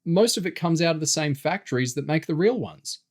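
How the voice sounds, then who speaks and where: A man's voice: mid-range voice, lively intonation, measured pace. A man reading a story aloud, voicing a cocky teenage boy who teases his friends and gets defensive about his deals. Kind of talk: audiobook character voice.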